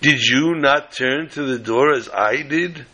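A man's voice: mid-range voice, measured pace, sharp tone. A man doing a stern, formal old judge. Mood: grave. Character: stern older male judge, measured and formal.

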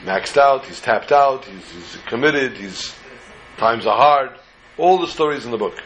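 A man's voice: mid-range voice, lively intonation, unhurried, a bit bright, a little hiss or hum, poor audio. Man telling a religious tale casually. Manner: informal, digressive, joking asides. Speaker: storyteller.

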